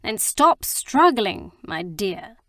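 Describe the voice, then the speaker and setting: A woman's voice: mid-range voice, big pitch swings, slow, a bit bright, no room sound, studio quality, exaggerated voice. A woman voicing a jovial, mocking aristocratic man who teases his half-sister. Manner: teasing and boisterous.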